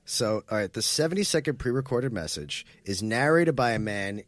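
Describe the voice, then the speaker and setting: A man's voice: medium pitch, expressive, moderate pace, dry recording. A man co-hosting a casual comedy podcast, talking in a rambling, wry way. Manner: rambling, wry, self-interrupting. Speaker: podcast co-host.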